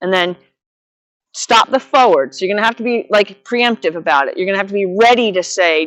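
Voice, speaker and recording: A woman horsemanship instructor coaching a student live, giving steady directions and quick repeated praise. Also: mid-range voice, dry recording.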